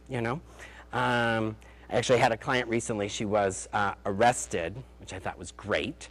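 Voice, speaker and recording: A man's voice: medium pitch, moderate pace, fairly bright tone. A man, a family therapist, giving a parenting talk with stories, chatty and sarcastic, full of "like" and "um" fillers. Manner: chatty storytelling, frequent "like" and "um" fillers; dry, sarcastic humor. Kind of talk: lecture with anecdotes.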